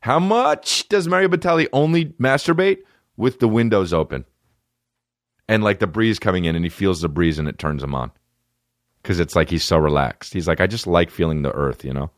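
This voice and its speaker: A man's voice: low-pitched, moderate pace, no room sound, clean studio sound. A man in his thirties hosting a comedy podcast, riffing profanely and slipping into mocking voices. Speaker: podcast host.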